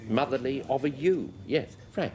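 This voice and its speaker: A middle-aged man hosting a panel game show, brisk and dryly amused. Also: mid-range voice, lively intonation, darkish tone. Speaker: quiz show host.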